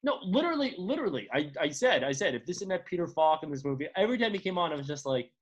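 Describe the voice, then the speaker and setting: A high-voiced man co-hosts a casual movie-review chat, ranting in exasperated bursts. His pitch leaps all over the place as he swears and complains sarcastically. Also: big pitch swings, lo-fi sound. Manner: rapid pitch swings, sarcastic. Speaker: podcast co-host.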